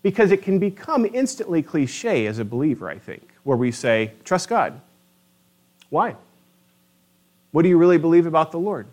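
A man preaching a sermon, animated and emphatic, asking his listeners rhetorical questions. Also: fairly high pitch, moderate pace, long pauses. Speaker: pastor.

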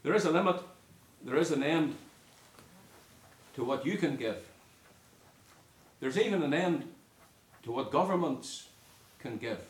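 A man from the United Kingdom preaching a sermon, earnest and emphatic, with pauses between phrases. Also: a little high, animated, roomy sound.

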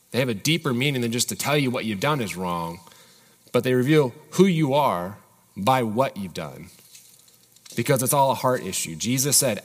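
A man's voice: medium pitch, big-room sound. A man preaching a sermon as pastor, earnestly putting searching questions to his congregation.

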